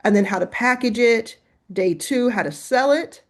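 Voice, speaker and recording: A woman's voice: fairly high pitch, moderate pace. A woman hosting a casual screen-share tutorial, chatting and reacting as she goes, laughing to herself while she types and reads aloud. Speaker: host.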